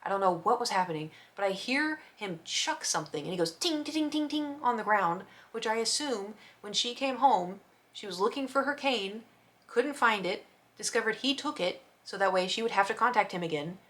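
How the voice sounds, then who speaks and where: A young woman casually telling a neighbor story, acting out quotes and sound effects in a chatty, animated way. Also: medium pitch, normal speed.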